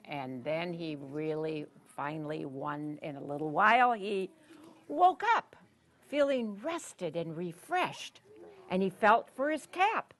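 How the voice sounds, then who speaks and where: Woman storyteller for kids, slow, very expressive, keeps asking the audience questions. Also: deep voice. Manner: animated, asks the listeners questions. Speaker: children's storyteller. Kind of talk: read-aloud storytelling for children.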